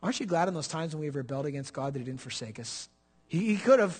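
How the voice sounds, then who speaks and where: A man's voice: medium pitch, rapid-fire, slightly rough. A middle-aged man preaching a sermon as pastor, explaining scripture and building to emphatic peaks.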